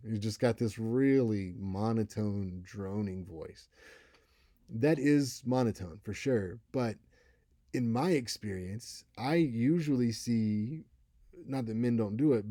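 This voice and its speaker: A man in his thirties gives a relaxed, conversational college lecture about speaking, sometimes acting out example voices. His voice is fairly low and dark, captured in a dry, studio-quality recording.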